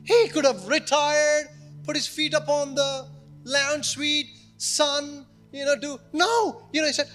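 A male pastor with a very high voice preaches at a church service, telling his story with lively energy. He acts out the voices of the people in the story as he goes. Soft music plays faintly behind him. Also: takes it slowly. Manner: animated storytelling, acting out quoted speech. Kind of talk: sermon.

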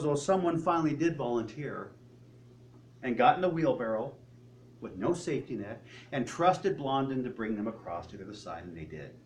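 Lively conversational male preacher. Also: fairly high pitch, slight background noise. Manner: conversational, asks the congregation rhetorical questions. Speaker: pastor. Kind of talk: sermon.

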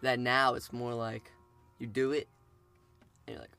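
A young man co-hosting a podcast in casual chat, relaxed and drawling, often trailing off quietly. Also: medium pitch, unhurried, creaky, clear, resonant tone, soft background music. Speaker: podcast co-host.

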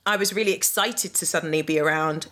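A woman's voice: low-pitched, fast talker, bright, forceful tone. A woman in her thirties from England, an actor, talking candidly and reflectively in casual conversation. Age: 30s. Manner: candid, reflective, many fillers.

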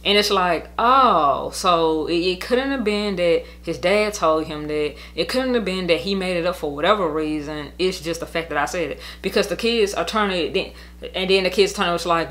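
Heated, bright-voiced woman venting. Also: on the low side, moderate pace. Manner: rambling, profane, heated, with many "like" fillers. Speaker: podcast host telling her own story. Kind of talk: casual venting monologue.

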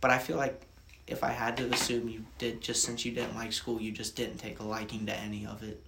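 A man's voice: on the low side, a little fast, vocal fry, a little hiss or hum. Laughing, foul-mouthed young man. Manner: animated, laughing storyteller who swears freely. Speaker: podcast co-host. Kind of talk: casual chat.

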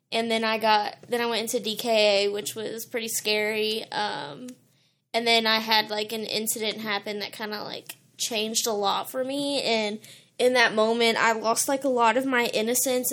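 A young woman tells her personal story in relaxed conversation. Her voice sits a little high and she leans on "like" and "um" as she goes. She sounds earnest and open. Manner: earnest, lots of "like" and "um" fillers. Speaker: guest sharing her testimony. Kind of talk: casual chat.

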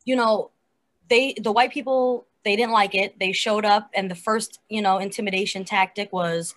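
A woman's voice: medium pitch, normal speed. Chatty woman reviewing a TV episode. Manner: animated and chatty, many fillers. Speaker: podcast co-host. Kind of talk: casual chat reviewing a TV episode.

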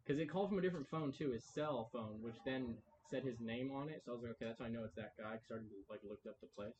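A man's voice: medium pitch, rapid-fire, noisy background. A young man telling a long story in casual podcast chat, rambling, with many "like"s and acted-out quotes. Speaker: podcast co-host.

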